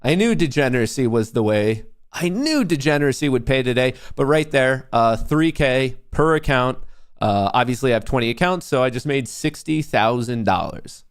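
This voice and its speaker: A man hosting a live trading stream, excitable and profane, cheering his trades on, boasting, then plainly explaining a sponsor's service. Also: medium pitch, moderate pace, clean tone. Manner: brash and boastful. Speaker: livestream host, day trader.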